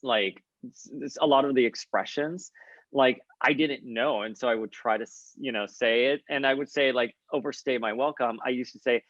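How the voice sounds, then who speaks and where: A man's voice: medium pitch, moderate pace, fairly bright tone, dry recording. A man with a Miami accent whose first language is Spanish, hosting a podcast and chatting playfully, laughing easily. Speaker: podcast host. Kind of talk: casual chat, interviewing. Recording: dull, dry sound.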